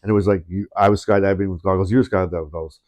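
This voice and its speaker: A man's voice: sits low, steady tone, rapid-fire, a little mellow. A man co-hosting a podcast in casual conversation, rambling with many restarts and chuckles. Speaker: podcast co-host. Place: indoors, in-person studio.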